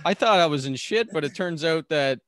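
A man's voice: a little high, brisk, dry recording, studio quality. A man telling a story as a podcast guest, talking animatedly and laughing often. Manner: animated, laughs often, acts out quoted voices. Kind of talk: storytelling in a casual interview.

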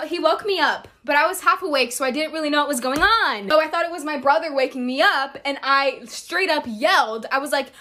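A woman tells a casual, amused storytime anecdote. Her voice is high and bright. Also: brisk, hardly any pauses. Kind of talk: storytime narration.

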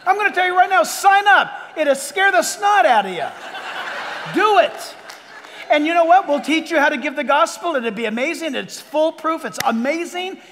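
Pastor, male, high voice, animated sermon delivery with bursts of shouting, long hall reverb. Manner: animated, energetic, sometimes shouting. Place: large church auditorium.

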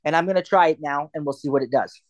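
Give me an instructor in mid-register giving a relaxed live lesson, who rambles a little and fills pauses with um and uh. The sound is dry and close, with no room around it. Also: mid-range voice, no echo, highs cut off. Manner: chatty and digressive, thinks aloud with many fillers. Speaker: assistive technology instructor. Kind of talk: live class demonstration.

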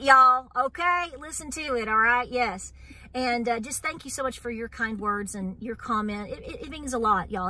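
East tennessee lady vlogging, kinda high bright voice, earnest and wound up, lots of y'all. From Southern Appalachia. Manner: earnest and wound up, repeats "so here's the deal", says y'all. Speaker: homestead channel host. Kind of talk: casual vlog talk to viewers.

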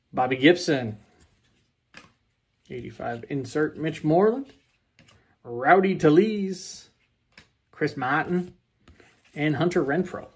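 Husky man rattling off card names. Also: fairly high pitch. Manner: rattling off player names, joking asides. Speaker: card breaker. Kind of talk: casual card-opening chat.

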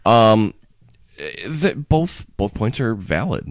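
Animated, rambling low-voiced man. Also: slow pace, no room sound, studio quality. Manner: rambling, restarts often, animated. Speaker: podcast co-host. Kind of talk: casual chat.

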